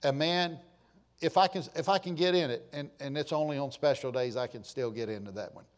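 A man preaching a folksy, joking sermon to his church, swinging between loud and quiet. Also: on the high side, a little fast. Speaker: pastor.

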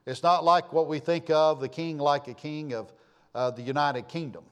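A man's voice: a little high, steady tone, moderate pace, fairly bright tone, clean tone. A man preaching a sermon, emphatic and fond of repeating his key phrases. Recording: long hall reverb.

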